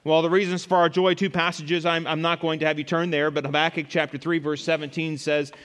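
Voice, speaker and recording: A male pastor delivers a sermon in a church with a long reverberant tail. His voice sits a touch high, and he climbs louder and higher whenever he reads scripture, stumbling and repeating words as he talks. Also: flat delivery, brisk. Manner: rises loud and high when quoting scripture, repeats words.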